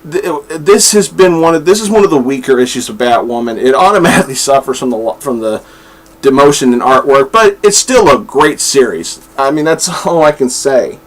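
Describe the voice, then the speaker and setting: A man's voice: mid-range voice, animated, fairly quick, slight background noise. A man chatting his way through comic book reviews at home, rambling with frequent fillers and restarts. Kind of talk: casual review vlog. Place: room at home with his dog.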